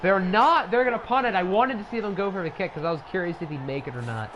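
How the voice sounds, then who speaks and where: A man's voice: high voice, fast talker, fairly bright tone, slight background noise. A man casually commentating a video game football league on a live stream, rambling into chatty asides between plays.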